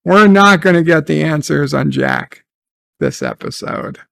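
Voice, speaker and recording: Gravelly, sarcastic man recapping a TV episode. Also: on the high side, huge pitch swings, measured pace, fairly bright tone, no echo. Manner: sarcastic, swears, trails off in restarts. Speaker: TV episode reviewer. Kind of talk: casual recap and commentary.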